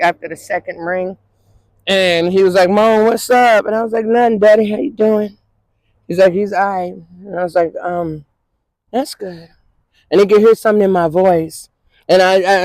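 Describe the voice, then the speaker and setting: A woman's voice: on the low side, darkish tone, no echo, poor audio. A woman from Minnesota speaks as an interview guest, telling her story in a loose, conversational way that keeps circling back on itself. Her voice is recorded close and dry, with no room sound around it. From Twin Cities, Minnesota. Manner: repetitive, conversational storytelling full of "you know what I'm saying". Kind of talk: emotional personal testimony.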